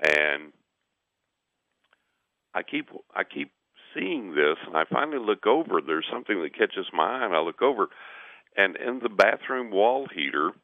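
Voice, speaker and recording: Low-voiced man telling a story over a phone line. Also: big pitch swings, normal speed, long pauses, no echo. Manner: acts out quotes, repeats words, laughs mid-sentence. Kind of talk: animated personal storytelling. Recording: tinny phone line on radio.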